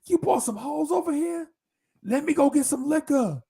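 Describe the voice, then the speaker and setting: A man voicing his huge, loud army buddy, shouting in a high, booming voice. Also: lively intonation, normal speed, creaky, heavily acted. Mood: loud excited.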